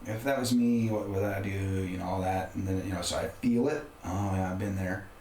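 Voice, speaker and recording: A man's voice: low voice, steady tone, fairly quick, warm tone. A middle-aged man, a podcast guest, telling a personal story in a candid, conversational way with frequent restarts. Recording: roomy room with faint background noise.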